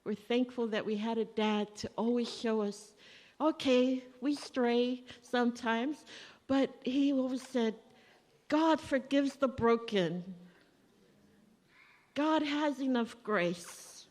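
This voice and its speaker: A woman's voice: fairly high pitch, slow, darkish tone. Woman's eulogy in a reverberant church. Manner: conversational storytelling, acting out remembered dialogue. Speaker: daughter giving a eulogy. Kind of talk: eulogy at a family funeral service. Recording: long reverb of a church hall.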